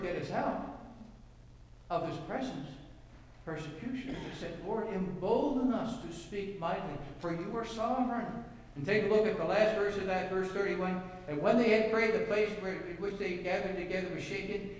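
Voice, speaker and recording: A man's voice: sits high, a little mellow, a little hiss or hum. A man preaching a sermon as pastor, reading scripture and telling anecdotes with rhetorical questions to the congregation. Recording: echoey hall, mic from far off.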